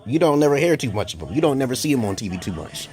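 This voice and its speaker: A man in a casual, profane ranting monologue to camera, swinging between loud outbursts and low muttering. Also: big pitch swings, very fast, faint music behind. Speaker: vlogger.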